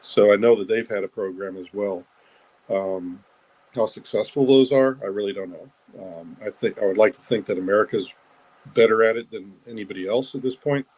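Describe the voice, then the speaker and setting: A man speaking as a guest in a live online audio room, talking in a hesitant way with many pauses and restarts. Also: lowish voice, a little mellow, low-quality recording. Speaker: whistleblower guest. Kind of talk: casual talk in a live audio chat room.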